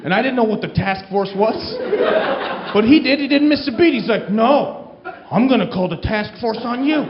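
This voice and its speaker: A man's voice: extremely high pitch, normal speed, long pauses, lo-fi sound, background noise. A man doing a stand-up comedy set on a club stage, telling stories and acting out the people in them. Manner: animated storytelling, acting out characters' lines. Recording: roomy club recording with crowd laughter.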